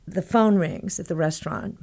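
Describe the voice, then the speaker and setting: A middle-aged woman from Texas tells a long story as an interview guest, her voice sitting on the low side. She talks in animated, tumbling bursts and slips into the voices of the people she quotes. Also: normal speed, gravelly. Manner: animated, breathless anecdote-telling with quoted dialogue. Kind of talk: conversational storytelling.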